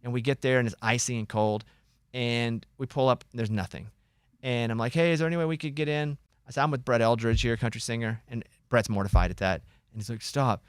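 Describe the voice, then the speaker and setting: A radio host tells a story to his co-hosts, bouncing through it in an animated, chatty way and playing the other people's lines. His voice sits in an everyday middle range. The studio sound is dry and close. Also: medium pitch, brisk, smooth, no echo. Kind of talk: casual talk show storytelling.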